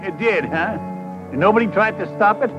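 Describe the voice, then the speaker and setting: An older actor playing a blunt, suspicious retired ranger in a 1970 western film. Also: male voice, sits high, brisk, over music, close to an everyday voice, rough recording.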